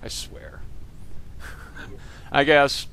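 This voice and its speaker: A man's voice: drawn-out words, pushed and bright, whispered. A man narrating a let's play, casually and sardonically, cursing and grumbling at the game's characters. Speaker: gaming commentator.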